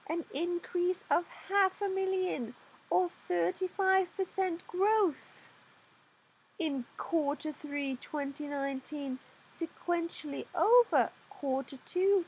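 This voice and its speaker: A woman's voice: very high-pitched, a little mellow, voice pushed up, heavily acted, poor audio. A woman reading a press release aloud in a silly put-on accent, in an exaggerated sing-song way.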